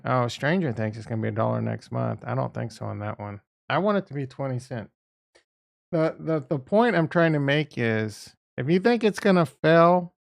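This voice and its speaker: A male livestream host with a gravelly, creaky edge to his voice, riffing loosely with his viewers. He talks in a casual, excitable way and swears freely. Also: mid-range voice. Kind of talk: casual livestream chat about trading.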